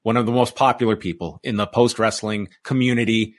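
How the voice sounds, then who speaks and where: A man hosting a wrestling-review podcast, announcing new hosts in a measured way with frequent pauses. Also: on the low side, fairly even intonation. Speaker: podcast host.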